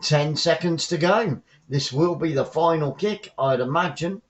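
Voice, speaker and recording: A man hosting a live fan stream from home, giving casual football commentary with chatty, rambling asides that turn excitable when the play heats up. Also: fairly high pitch, unhurried. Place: at home, watching the match remotely.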